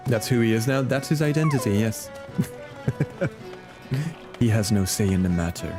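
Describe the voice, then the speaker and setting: A man's voice: medium pitch, expressive, unhurried, pauses often, over music. A man streaming a game, chatting casually and rambling to his viewers. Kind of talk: casual gaming stream chat.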